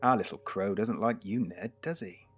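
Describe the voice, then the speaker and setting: A man voicing a menacing bald man who makes quiet, cold threats in a tabletop game. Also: moderate pace, soft background music, lightly acted. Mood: quiet menace. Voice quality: soft, low, hushed threats.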